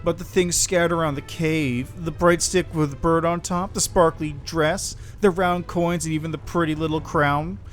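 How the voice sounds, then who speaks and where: A man's voice: a little high, steady tone, normal speed, hardly any pauses, faint music behind, close to an everyday voice. A man doing a whiny spoiled demon queen. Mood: smug. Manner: whiny, pouting, childish.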